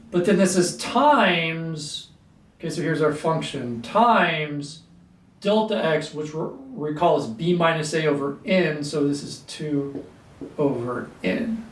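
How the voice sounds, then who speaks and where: A man teaching a calculus lesson at a whiteboard, clearing his throat often and talking through steps with fillers. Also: on the high side, a little hiss or hum. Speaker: math teacher. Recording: echoey room, mic at a distance.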